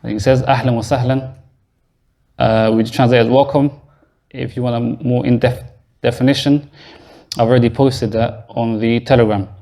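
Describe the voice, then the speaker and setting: A man teaches a beginners' class in a mosque classroom, his voice sitting at an everyday middle pitch. He explains each point step by step and keeps stopping to quiz his students. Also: fairly even intonation, normal speed, mellow. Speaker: Arabic teacher. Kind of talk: classroom lesson.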